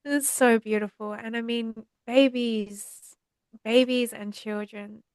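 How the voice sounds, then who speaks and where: A woman guest on a podcast, teaching about healing in a slow, soothing, meditative cadence. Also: fairly high pitch, fairly even intonation, darkish tone, no echo. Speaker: podcast guest, trauma healer. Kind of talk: spiritual teaching in conversation.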